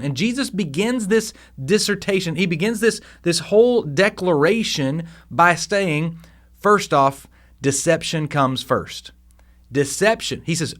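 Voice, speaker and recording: A man hosting a devotional podcast, teaching scripture in a casual, animated way with frequent restarts. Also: on the high side, normal speed. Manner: conversational, animated, with fillers and restarts.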